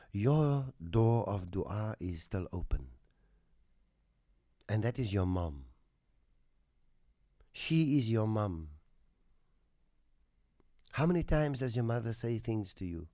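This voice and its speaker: A man hosting a radio talk show, telling a moral story in a slow, earnest way that drops to a soft hush at its tender moments. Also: on the low side, animated, no room sound, studio quality. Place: radio studio.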